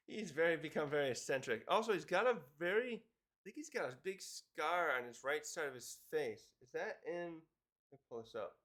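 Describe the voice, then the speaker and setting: A man's voice: on the high side, big pitch swings, moderate pace, a bit bright. A man casually recapping a comic chapter, rambling with fillers and chuckles. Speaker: manga reviewer.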